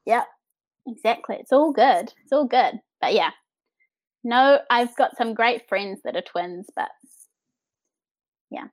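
A woman with a New Zealand accent, chatting as a podcast guest, easygoing and quick to laugh. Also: a little high, lively intonation, no echo, poor audio. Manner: laughs often, easygoing and friendly. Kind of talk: casual chat.

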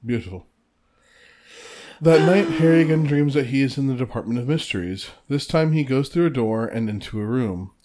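Man calmly reading a summary. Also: medium pitch, moderate pace. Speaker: podcast co-host.

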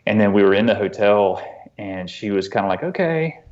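A man telling a personal story as an interview guest, earnest and halting, often restarting his sentences. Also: fairly low pitch, level tone, darkish tone, muffled recording. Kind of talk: conversational storytelling.

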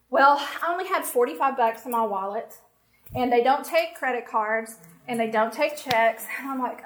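Lady with a high voice, telling her audience a story, lively and emphatic. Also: moderate pace, slight background noise. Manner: animated, emphatic, talks straight to listeners. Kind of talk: personal anecdote told to an audience.

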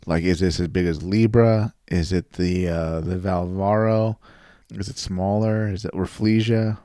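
A man's voice: low-pitched, fairly even intonation, measured pace, mellow, no echo, studio quality. A man co-hosting a casual podcast, joking and laughing often, with playful mock-dramatic asides. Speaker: co-host.

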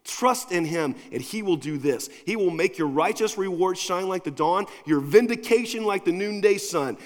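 A man's voice: high voice, lively intonation, normal speed. Man preaching in a reverberant hall. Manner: conversational preaching, swings between quiet and emphatic. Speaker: pastor. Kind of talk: sermon. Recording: long reverb of a large hall.

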